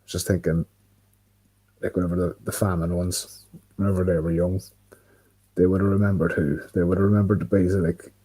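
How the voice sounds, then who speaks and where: Low and dark in tone, a touch rough, the man's voice comes across flat and brisk, broken by long pauses, and the audio is poor. He's an Irish livestream host idly rambling to himself by an indoor window, swearing and using lots of fillers.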